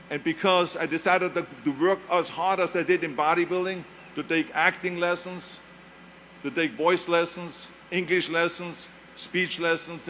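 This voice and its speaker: A man's voice: high voice, fairly bright tone, slight background noise. A man with a German accent giving a motivational speech, emphatic and repeating key phrases. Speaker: speaker.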